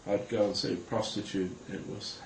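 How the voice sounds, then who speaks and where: A man telling a personal religious testimony to camera, earnest and halting, with many hesitations, speaking directly to viewers. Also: lowish voice, steady tone, vocal fry, a little hiss or hum. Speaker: Christian recounting a vision. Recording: roomy with faint ambience.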